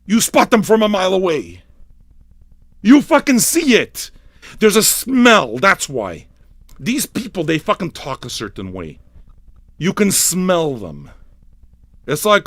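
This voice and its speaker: A man hosting a livestreamed record show, ranting with constant swearing, yelling and mocking impressions. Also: high-pitched, sing-song, slow, pauses often, no echo. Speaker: livestream radio DJ. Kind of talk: profane comic rant.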